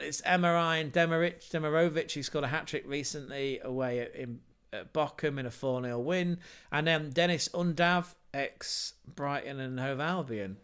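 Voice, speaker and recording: A man's voice: medium pitch, fairly bright tone, clear, resonant tone. A man hosting a casual football livestream, running through team lineups with jokey asides, wordplay and self-corrections. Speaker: football podcast host.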